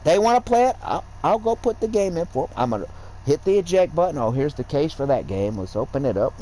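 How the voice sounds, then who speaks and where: Swearing freely, this streamer lectures and rambles through a casual gaming livestream in a loose, conversational way. His voice sits high for a man, with a warm tone, and he's very animated and fast. The recording quality is rough.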